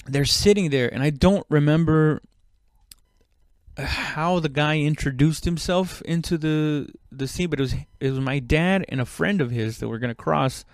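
A man's voice: a little high, normal speed, no room sound, clean studio sound. A man telling a story casually, rambling with lots of restarts, swearing freely and acting out quoted speech. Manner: rambling, many fillers and restarts, profane; acts out quoted speech loudly.

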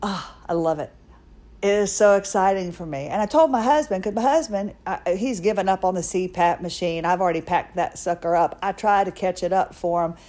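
A woman's voice: on the low side, a little fast, a little mellow. A middle-aged woman hosting a podcast, telling a personal story in a chatty, self-mocking way. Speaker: podcast host. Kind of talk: casual personal monologue.

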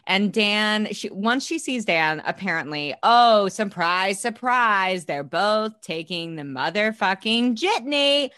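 A woman's voice: mid-range voice, animated, slow, few pauses, bright, forceful tone, clear, resonant tone, dry recording, clean studio sound. A young woman co-hosting a podcast, chatting casually and animatedly, swearing and laughing as she recaps an episode. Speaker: podcast co-host.

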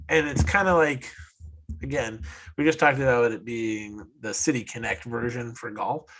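Male podcast co-host from upstate New York, average pitch, loose rambling delivery. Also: fairly bright tone, rough recording. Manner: rambling, full of "like" and restarts. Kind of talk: casual chat.

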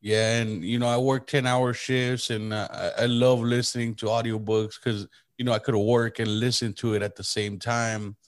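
A man's voice: medium pitch, flat delivery, moderate pace, hardly any pauses, no echo, clean studio sound. A man hosting a podcast, laid-back and casual, swearing freely and agreeing enthusiastically. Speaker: podcast host.

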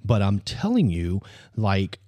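A man's voice: low-pitched, huge pitch swings, slow, warm tone, dry recording. A man in his fifties from Mississippi, chatting casually as podcast host, rambling with many fillers. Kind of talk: casual chat.

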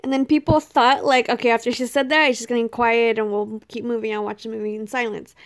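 Young woman co-host, casual, high bright pitch. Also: little pitch movement, fairly quick. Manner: chatty, uses "like" often. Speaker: vlogger. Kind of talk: casual chat.

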